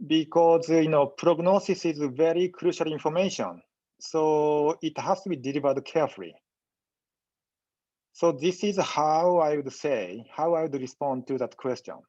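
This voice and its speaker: A man giving a medical lecture in a webinar, speaking in a halting, measured way with frequent pauses and fillers. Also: a little high, warm tone, no echo, highs cut off. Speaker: physician lecturer.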